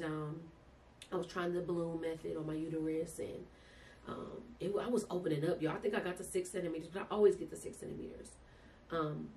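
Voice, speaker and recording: A young woman telling her birth story casually and with emotion, often calling listeners "y'all". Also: on the low side. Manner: animated, emotional, addresses listeners as "y'all" and "baby". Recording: distant mic with faint background noise.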